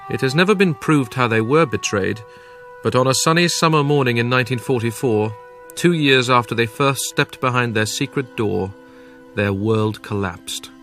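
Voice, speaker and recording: A man narrating a documentary in a measured, grave scripted delivery. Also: medium pitch, fairly bright tone, faint music behind.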